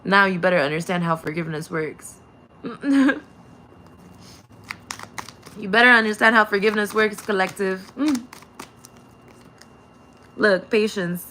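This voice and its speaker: A woman's voice: medium pitch, unhurried, pauses often, pushed and bright, slight background noise. A woman giving a casual spiritual message to her viewers, rambling and repeating herself, laughing often and swearing freely. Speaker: spiritual channel reader.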